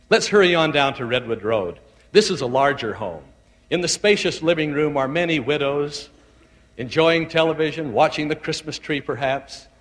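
A man, a bishop, telling a sermon story in a measured, tender, deliberate way. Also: on the high side, a bit bright, long reverb tail.

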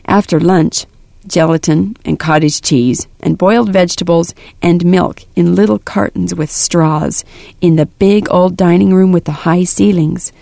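A woman narrating a storybook in an even, measured reading voice. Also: on the low side, creaky, dry recording. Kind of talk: storybook read-aloud narration.

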